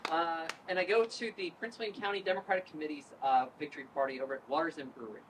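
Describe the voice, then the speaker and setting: A woman in her thirties from Northern Virginia, a politician telling a lively story at an event, acting out quotes and laughing. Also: low voice, racing. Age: 30s. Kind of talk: storytelling speech. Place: event room with crowd ambience. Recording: distant mic with noise.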